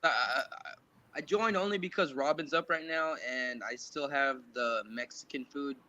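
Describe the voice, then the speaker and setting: A man's voice: medium pitch, moderate pace, pushed and bright, lo-fi sound. A man chatting as a guest on a livestream in an offhand, casual way.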